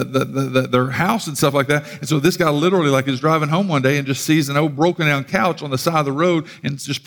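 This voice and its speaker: A male pastor preaches in a loose, conversational way, with a gravelly edge to his voice. He restarts and repeats words as he goes. A long reverb rings through the large hall. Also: a little high, a bit bright. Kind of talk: sermon.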